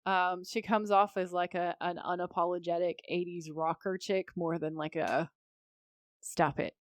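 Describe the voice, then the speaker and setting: A woman's voice: on the low side, little pitch movement, moderate pace, no room sound, clean studio sound. A woman co-hosting a podcast, recapping a TV episode in a candid, chatty way with casual swearing. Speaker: podcast co-host.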